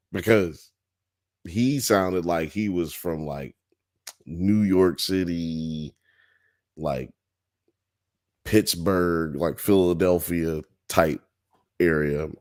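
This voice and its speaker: A man's voice: sits low, slow pace, pauses often. A man hosting a podcast, chatting loosely and profanely with his co-hosts. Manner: loose, profane, animated banter. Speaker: podcast host. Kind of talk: casual chat.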